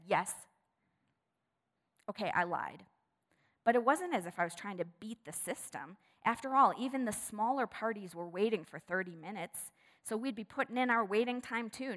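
A woman preaching a sermon, telling a story with animation and then turning hushed and prayerful. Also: medium pitch, lively intonation, normal speed. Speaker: pastor. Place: church sanctuary. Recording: long reverb of a large hall.

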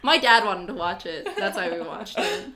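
A woman's voice: mid-range voice, animated, moderate pace, crowd noise. A young woman co-hosting a casual chat podcast, giggly and rambling, often breaking into laughter. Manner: giggly, rambling, sings snatches of songs. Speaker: podcast co-host.

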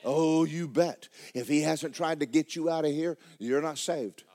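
A middle-aged male pastor, preaching a sermon in a folksy storytelling way that climbs into shouts. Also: fairly high pitch, unhurried.

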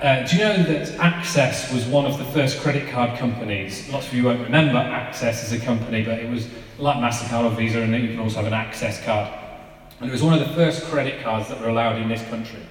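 Chatty preacher in an echoey hall. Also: male voice, medium pitch, a little fast. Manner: chatty, conversational, with frequent fillers and laughs. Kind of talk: informal sermon with family anecdotes. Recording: echoey hall, mic at a distance.

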